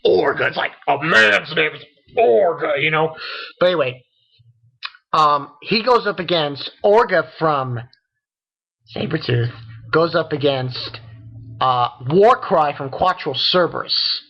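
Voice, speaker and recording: A man giving a casual, rambling spoken manga review, excitable and full of fillers. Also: a little high, unhurried, pauses often. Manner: rambling, excitable, lots of fillers and quoted character lines. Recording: dull lo-fi recording.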